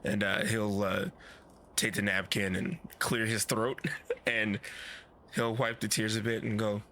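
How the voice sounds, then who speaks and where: Slow giggly player on hissy mic. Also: male voice, lowish voice, little pitch movement, bright, forceful tone. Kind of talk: casual tabletop role-play.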